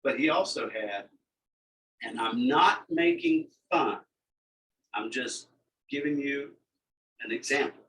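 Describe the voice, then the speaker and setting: A man's voice: mid-range voice, slow pace, pauses often, fairly bright tone. Folksy man in his sixties. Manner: folksy storyteller. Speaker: radio DJ guest. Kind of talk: casual chat. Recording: distant mic with faint background noise.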